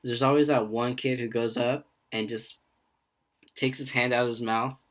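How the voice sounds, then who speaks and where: A young man co-hosting a casual podcast, rambling through stories from his jobs. He keeps pausing on fillers and slips into short impressions of coworkers and customers. His voice sits at an ordinary middle pitch for a man. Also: steady tone, fairly bright tone. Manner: rambling storyteller who acts out quoted voices. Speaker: podcast co-host.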